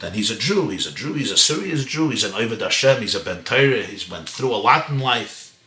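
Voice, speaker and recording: A rabbi telling a story in a sermon, acting out the voices of the people in it. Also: male voice, mid-range voice, big pitch swings, moderate pace, sharp tone, roomy sound. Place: home.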